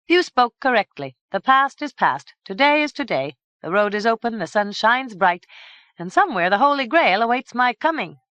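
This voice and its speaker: A woman's voice: fairly low pitch, lively intonation, a little fast, fairly bright tone, no echo. A woman doing a pompous young knight. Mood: buoyant. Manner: pompous, declaiming. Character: blustering young male knight, sulky and boastful.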